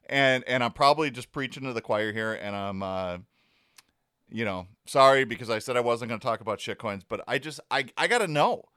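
A man's voice: mid-range voice, lively intonation, brisk, a bit bright, smooth, no room sound, studio quality. A man hosting his own podcast, ranting in a sarcastic, worked-up way and swearing often. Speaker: podcast host. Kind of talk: casual ranting commentary.

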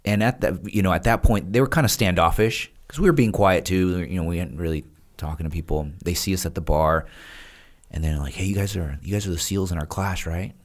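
In a podcast interview, a man who is a retired Navy SEAL shares casual stories with a low-pitched, brisk delivery. Lively throughout, he performs the voices of whoever he's quoting.

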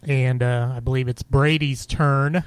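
A man's voice: medium pitch, steady tone, a little slow, smooth, no room sound. A man co-hosting a casual podcast, easygoing as he explains how the show works. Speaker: podcast co-host, moderator. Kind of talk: casual chat.

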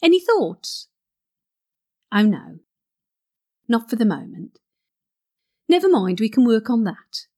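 A woman's voice: on the high side, sing-song, slow, pauses often, darkish tone, full character voice. A woman playing a flirty gossip. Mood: flirtatious. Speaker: comic monologue character. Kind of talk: comic character monologue.

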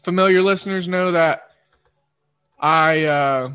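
Quick-fire Oklahoma man hosting a podcast. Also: on the high side, pushed and bright, clean tone, faint music behind. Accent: Oklahoma twang. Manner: rambling, quick-fire, self-correcting. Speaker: sports betting podcast host. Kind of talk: casual podcast monologue.

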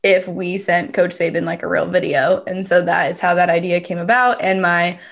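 A woman's voice: on the low side, fairly even intonation, normal speed, gravelly. A woman co-hosting a podcast in casual chat, giggly and self-deprecating, rambling through her stories. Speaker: podcast co-host.

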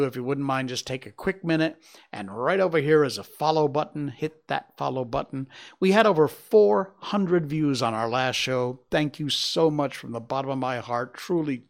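A man hosting his own show, reading a novel aloud on a livestream in a measured, dramatic way. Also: fairly high pitch, vocal fry. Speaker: show host.

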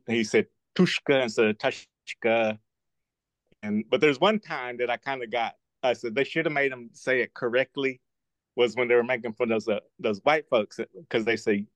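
A man from southeastern Oklahoma co-hosting a podcast, explaining things thoughtfully with slow restarts. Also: mid-range voice, no echo. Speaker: podcast co-host. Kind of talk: casual discussion.

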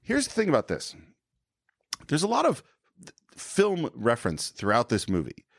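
A man co-hosting a film podcast, chatting casually and retelling scenes in an animated way. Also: medium pitch, normal speed, gravelly, husky, no room sound, studio quality. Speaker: podcast co-host. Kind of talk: casual film review chat.

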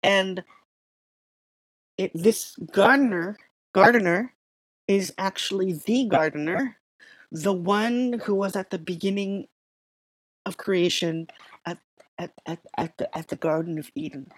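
A woman's voice: mid-range voice, a little slow, husky, no echo, poor audio. A woman giving a casual, conversational sermon that retells a story with filler words and restarts. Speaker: preacher.

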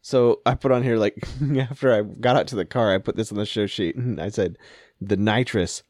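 A man casually tells a funny story, laughing often and acting out what people said. His fairly low voice has a darkish tone and moves fairly quickly. The recording is studio quality with no echo.

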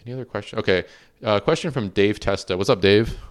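A man's voice: lowish voice, fast talker, smooth. A man hosting a livestreamed podcast in casual chat, reading out viewer questions and laughing often. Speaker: podcast host.

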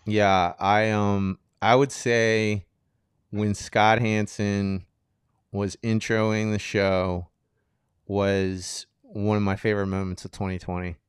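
A man's voice: lowish voice, flat delivery, slow pace, clear, resonant tone, dry recording, studio quality. A man in his thirties co-hosting a podcast in a casual chat, easygoing and laid-back. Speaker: podcast co-host.

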